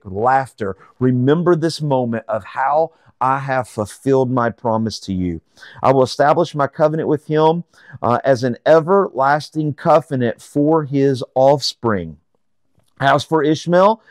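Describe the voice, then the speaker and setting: Reading slowly through a chapter of the Bible one verse at a time, a man offers laid-back explanations peppered with fillers and false starts. The sound is clean studio audio with no room sound, and his voice is mid-range.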